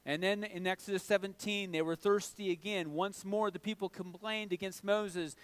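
A man's voice: high-pitched, steady tone, moderate pace, hardly any pauses, no room sound. A middle-aged man preaching a sermon in a conversational way, often checking in with "all right?". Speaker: pastor.

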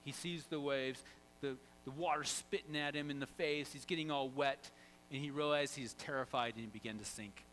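A pastor preaching a sermon, animated, swinging from loud to hushed and quizzing the congregation. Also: male voice, mid-range voice, moderate pace, slight background noise, poor audio.

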